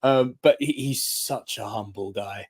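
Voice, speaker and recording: A man's voice: on the low side, unhurried. A man, co-hosting a casual chat and telling a story with lots of energy, acting out the voices of the people he quotes and laughing often. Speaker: podcast co-host.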